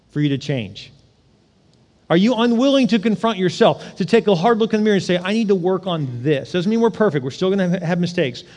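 A man preaching a conversational sermon, asking the congregation one rhetorical question after another and acting out little scenes with sudden loud cries. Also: high-pitched, big-room sound. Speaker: pastor.

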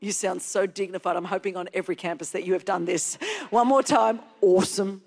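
A woman preaching a sermon from a church stage. She presses hard on key words and climbs into shouts. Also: lowish voice, steady tone, fast talker, long reverb tail. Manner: emphatic, stretching key words and rising to shouts. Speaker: pastor. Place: church hall.

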